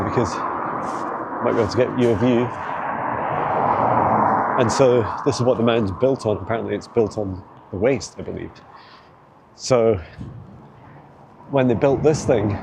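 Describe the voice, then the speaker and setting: A man with a fairly low voice rambles casually as he walks through city streets outdoors, filming on a handheld phone for a walking tour vlog. He's chatty and laughs often, with a noisy background behind him.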